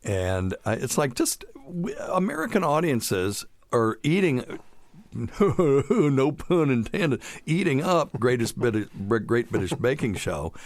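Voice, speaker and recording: Speaking slowly in a medium-pitched, sing-song voice, a middle-aged physician chats on his medical podcast. He cracks jokes and meanders away from the subject, and the audio has no echo.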